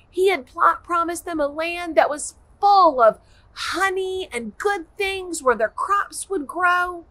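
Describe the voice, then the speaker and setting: A young woman giving a Bible lesson to preschool children, slow, animated and encouraging. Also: high-pitched, no room sound.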